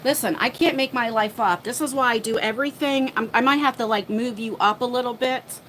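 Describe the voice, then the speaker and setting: A woman's voice: a little high, fairly bright tone, a little hiss or hum, low-quality recording. Chatty, breathless New woman livestreaming. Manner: chatty, talks to viewers and her dog while rushing around. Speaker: livestream host. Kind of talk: casual live chat. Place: home, moving between floors.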